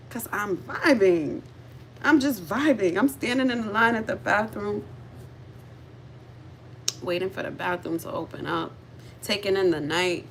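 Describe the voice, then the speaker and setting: A woman hosting a livestream from her car chats to viewers directly while telling a story, laughing a lot in a giggly, animated way. She speaks at a measured pace with long pauses in a fairly high voice, and the audio carries slight hiss or hum.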